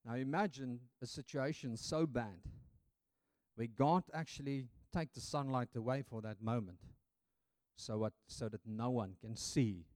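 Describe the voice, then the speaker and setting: A man preaching a sermon dramatically, swinging from loud passages to hushed ones, with hesitant fillers and restarts. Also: mid-range voice, a little slow, dry recording.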